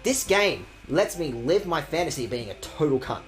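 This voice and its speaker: A game streamer does casual, rambling let's-play commentary at normal speed with few pauses, faint music behind. Their pitch swings widely, and the talk is crude, full of swearing and self-mocking jokes.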